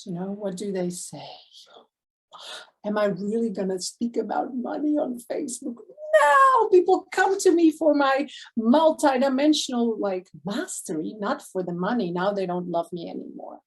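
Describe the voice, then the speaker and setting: A woman coach giving an enthusiastic motivational live talk to her online community, effusive, with sudden gasps and quick swings between loud and hushed. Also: fairly high pitch, expressive, breathy edge. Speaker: spiritual abundance coach.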